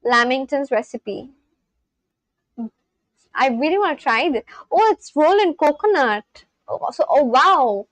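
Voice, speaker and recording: A young woman from India chatting casually on a livestream, reading out viewers' comments and reacting with gushing excitement. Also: high voice, no echo, poor audio. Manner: gushing, reads chat aloud and reacts.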